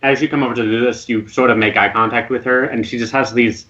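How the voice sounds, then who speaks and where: A man's voice: medium pitch, steady tone, quick pace, pushed and bright. A man narrating as dungeon master of an online tabletop game, describing scenes with frequent restarts. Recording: muffled voice-chat audio.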